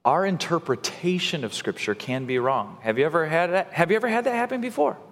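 A man's voice: fairly high pitch, expressive, fairly quick, a bit bright, big-room sound. A male pastor preaching a sermon in a conversational way, acting out quotes and building to emphatic points.

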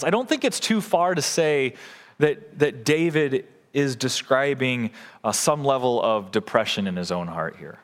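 A male pastor delivers an earnest sermon from the pulpit, pausing to put questions to his congregation. His voice sits a little high for a man. The sound carries the long reverb of a large sanctuary. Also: a bit bright. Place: church sanctuary.

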